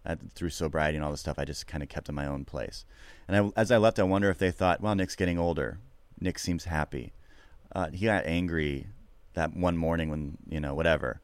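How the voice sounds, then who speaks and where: Man, very low voice, dry close sound, earnest reflective guest, swears freely. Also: brisk, dry recording. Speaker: podcast guest, comedian. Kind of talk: candid conversational interview.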